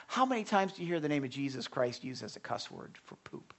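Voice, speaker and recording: This pastor delivers his sermon in a medium-pitched voice that swings widely up and down. He talks conversationally, stumbling, repeating himself and restarting, then drifts from hushed asides into fervent, impassioned bursts.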